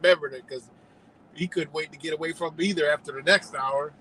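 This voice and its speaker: A man hosting a live stream, telling a story in a loose, profane, animated way and laughing often. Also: on the high side, quick pace, slight background noise, poor audio. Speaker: livestream host.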